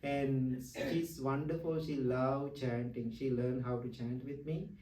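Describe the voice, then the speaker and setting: A middle-aged man who is a Buddhist monk, giving a dharma talk in broken English learned as a second language, animated and laughing often. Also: medium pitch, slow pace. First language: not English. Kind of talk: dharma talk with personal stories. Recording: roomy hall, distant mic.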